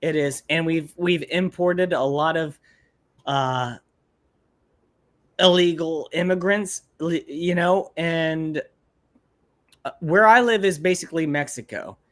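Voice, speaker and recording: A man from Ohio co-hosting a casual livestream, ranting with crude language and lively swings in pitch. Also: slow, pauses often. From Ohio, USA. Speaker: podcast co-host.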